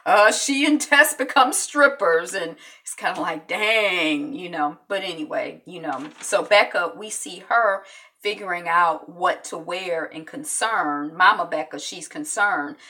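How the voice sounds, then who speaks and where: Bright, chatty woman recapping a show. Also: fairly low pitch, unhurried, distant mic. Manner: animated, acts out quotes, chatty. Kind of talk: casual TV recap.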